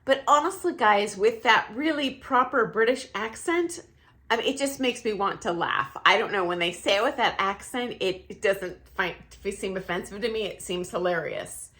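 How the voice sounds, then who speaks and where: A middle-aged woman speaks casually to camera about her dance career. Her pitch sits in a mid range. She talks in a loose, chatty way, pausing on fillers and laughing easily. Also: a bit bright. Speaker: ballroom dance coach.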